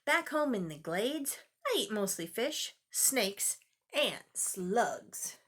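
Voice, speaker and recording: Storybook alligator, female, hungry and clumsy, drawn-out sighing voice, high and lively, as a grandmother reads her. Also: husky, heavily acted. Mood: playful. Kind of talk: reading a picture book aloud.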